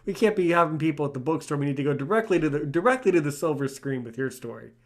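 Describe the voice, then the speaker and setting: A man's voice: fairly high pitch, animated, racing, crowd noise. A man hosting a podcast interview, chatting casually and enthusiastically, joking and repeating words as he starts sentences. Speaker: podcast host.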